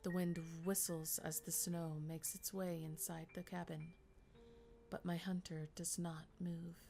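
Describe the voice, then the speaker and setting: Woman streamer, slow hushed dramatic read of a story game, faint music underneath. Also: on the low side, flat delivery. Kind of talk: dramatic reading of a visual novel.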